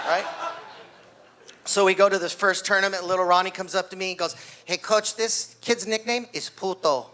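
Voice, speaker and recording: A man's voice: high voice, a little hiss or hum. A man in his sixties doing stand-up at a party, a wrestling coach telling stories and acting out the kids. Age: 60s. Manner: animated storyteller, acts out kids' voices. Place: party venue with live audience.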